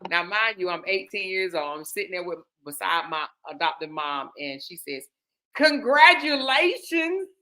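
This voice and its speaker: A woman hosting her own show, telling a personal story in an animated way and speaking straight to her listeners. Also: fairly low pitch, normal speed, hardly any pauses. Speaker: host.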